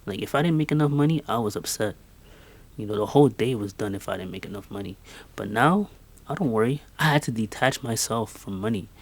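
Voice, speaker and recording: A young man in his twenties delivers a motivational talk, earnest and emphatic. His voice sits a little on the low side, and he drives points home by repeating short phrases. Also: animated, brisk. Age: 20s. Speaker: podcast host. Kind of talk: motivational monologue.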